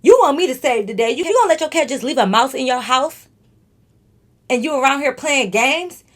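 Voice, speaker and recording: A woman vlogger telling a storytime monologue straight to her viewers, animated and freely cursing. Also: sits high, brisk.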